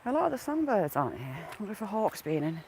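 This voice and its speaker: A woman's voice: mid-range voice, sing-song, fast, darkish tone, a little hiss or hum, poor audio. A woman out of breath on an outdoor walk, chatting casually on a live stream and greeting viewers by name. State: a bit out of breath. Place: outdoors on a woodland walk by water.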